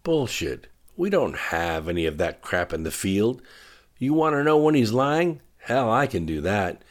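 A man voicing a gruff, blunt older general in an audiobook, profane and plain-spoken. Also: on the low side, expressive, a little slow, pitched above the performer's own voice.

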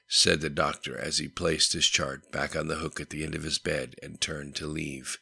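A man narrating an audiobook in a steady, unhurried reading voice. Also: a bass voice, creaky, husky. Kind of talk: scripted narration. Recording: dry close-miked studio voice.

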